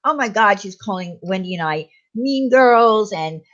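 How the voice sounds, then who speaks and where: A woman's voice: medium pitch, expressive, a little slow. A woman hosting a casual live stream, chiming in and agreeing with her co-host. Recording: dull lo-fi audio.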